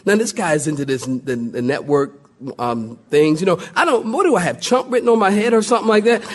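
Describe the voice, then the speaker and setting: Animated preaching man with a high, lively voice. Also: fairly quick. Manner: animated storyteller, acts out characters in the story; calls out to the congregation. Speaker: pastor. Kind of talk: sermon.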